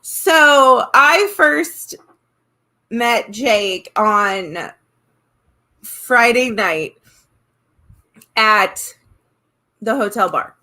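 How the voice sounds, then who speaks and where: A woman co-hosting a podcast who tells stories in an animated, sarcastic way and giggles often. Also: on the high side, drawn-out words, long pauses. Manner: animated storyteller, self-described sarcastic, giggly. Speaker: podcast co-host. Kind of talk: casual podcast chat.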